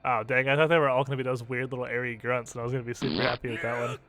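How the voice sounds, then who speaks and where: A man's voice: mid-range voice, very fast, faint music behind. A young man streaming a game, joking and swearing casually as he talks through his choices. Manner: joking, profane, animated. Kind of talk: casual gameplay commentary.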